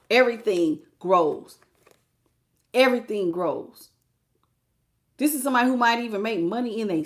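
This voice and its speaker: Lively, slangy woman doing a tarot reading. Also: on the high side. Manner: animated and slangy, laughs often, greets viewers. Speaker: tarot reader. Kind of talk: live tarot reading, casual chat.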